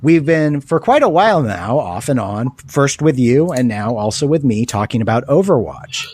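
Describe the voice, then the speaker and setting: A man's voice: medium pitch, very animated, normal speed, a little mellow, a little hiss or hum. A man with a nasal voice, co-hosting a podcast in loose, chatty, self-mocking talk. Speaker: podcast co-host. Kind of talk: casual podcast chat.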